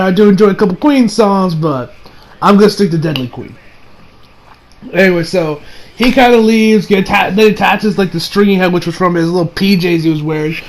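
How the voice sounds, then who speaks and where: A man with a noticeably high voice talks through an anime episode in a loose, casual recap. He backtracks and corrects himself often. A faint hiss runs under the recording. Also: rough recording. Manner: rambling, with self-corrections. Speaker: anime reviewer.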